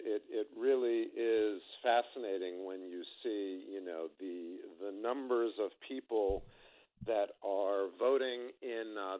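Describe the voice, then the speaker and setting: A man being interviewed by phone about his company, explaining in an upbeat way with plenty of fillers. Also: lowish voice. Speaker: guest, company executive. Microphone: telephone. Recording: tinny phone line.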